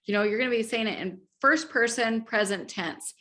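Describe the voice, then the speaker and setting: Lively high-voiced woman guest. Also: moderate pace. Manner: animated, laughs often, acts out inner voices. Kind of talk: enthusiastic interview talk.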